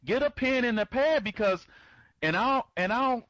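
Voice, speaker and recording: A man with a fairly high voice hosts a live webinar and rambles, circling back over the same points and greeting people by name as they join. He stumbles through frequent restarts. The sound is dull and lo-fi, with a dry, close feel. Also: animated, normal speed, fairly bright tone, dry recording. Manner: restarts and stammers often. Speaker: host of an online members' conference.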